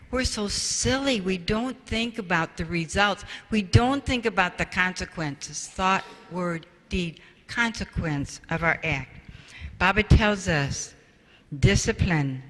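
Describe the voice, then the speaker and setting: A woman's voice: on the low side, a bit bright. An older woman giving a spiritual parenting talk, telling stories and acting out the quoted voices with animation. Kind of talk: storytelling talk to an audience. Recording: reverberant hall.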